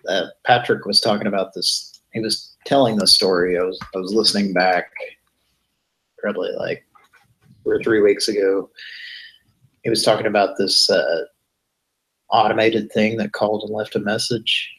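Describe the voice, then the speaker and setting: A man's voice: on the low side, steady tone, moderate pace, long pauses, a bit bright, slightly rough, poor audio. A man co-hosting a prank call show, chatting casually and telling a rambling story with restarts. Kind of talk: casual chat.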